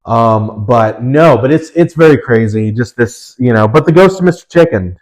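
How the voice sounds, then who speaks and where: A man's voice: mid-range voice, lively intonation, normal speed, a little mellow. A young man chatting casually as a podcast co-host, rambling with lots of fillers and restarts. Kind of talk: casual chat.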